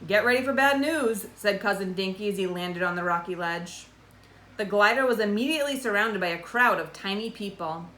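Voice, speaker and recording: A woman's voice: medium pitch, fairly quick. A woman reads a children's chapter book aloud. She lifts her voice for the characters' lines and drops it for the narration. The recording has a roomy echo. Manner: lively voices for dialogue. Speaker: storybook reader.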